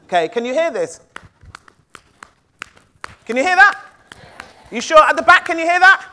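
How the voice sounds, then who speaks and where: A woman's voice: high-pitched, sing-song, moderate pace, bright, forceful tone. A woman storyteller telling a tale live to an audience in a playful, rhythmic, call-and-response manner.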